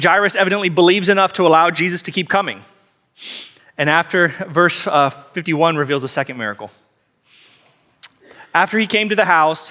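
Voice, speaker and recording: A man's voice: on the high side, bright, forceful tone. A man preaching a sermon as pastor, telling the story emphatically and repeating key phrases.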